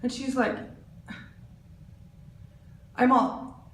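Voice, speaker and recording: A woman in her forties doing a stand-up comedy set, animated and lively, jumping into loud, high voices for the people in her stories. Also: extremely slow. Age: 40s. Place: art center stage. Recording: roomy, distant, faint background noise.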